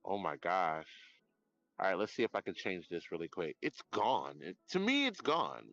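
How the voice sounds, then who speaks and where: A man live-streaming outdoors at night on his phone, chatting in a rambling, profane, animated way. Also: low voice, moderate pace, dull audio, faint music behind. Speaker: livestreamer. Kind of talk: casual live-stream chat.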